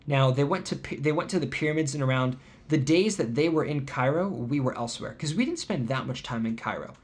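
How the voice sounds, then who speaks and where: A man's voice: mid-range voice, brisk. A man hosting a podcast, telling an indignant travel story in casual chat with sarcastic asides. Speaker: podcast host.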